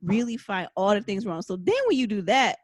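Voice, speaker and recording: A woman's voice: medium pitch, brisk, no echo. A young pregnant woman co-hosting a casual chat show, telling frank self-deprecating stories about motherhood. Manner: candid, self-deprecating storyteller. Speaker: podcast co-host.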